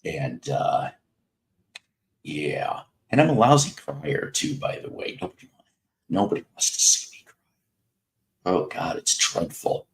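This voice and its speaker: A man's voice: low-pitched, very animated, unhurried, vocal fry, pauses often. A man in his fifties with a Mid-South American accent, hosting a casual livestream, rambling and sardonic, greeting chat viewers by name. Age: 50s. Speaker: livestream host.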